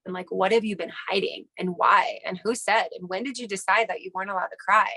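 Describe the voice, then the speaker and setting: A woman's voice: medium pitch, fairly even intonation, quick pace, bright, forceful tone, slightly rough. A woman hosting a podcast in casual conversation, reflective and fond of rhetorical questions. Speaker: podcast host.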